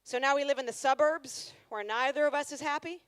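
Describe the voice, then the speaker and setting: A woman's voice: high voice, a little fast, no echo. A woman performing a live stand-up comedy set on stage, chatty and sarcastic, teasing the crowd.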